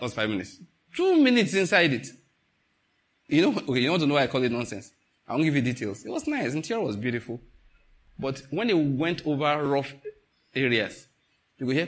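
A man's voice: medium pitch, slightly rough. A man with a Nigerian accent preaching a sermon to a congregation, telling stories with chuckles and asking the listeners to answer. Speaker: pastor.

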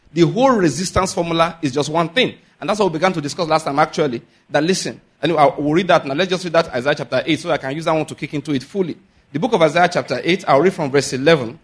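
A man's voice: fairly high pitch, slightly rough. A man preaching a sermon as pastor, teaching by repeating his points, asking the listeners questions and reading scripture with emphasis. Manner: reads scripture aloud with rising emphasis.

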